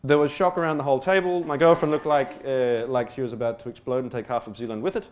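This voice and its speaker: His medium-pitched voice stays steady in tone even as he talks fast. The Australian man gives a stage talk recounting a humorous personal story, rambling with lots of fillers, restarts, self-mockery and casual swearing.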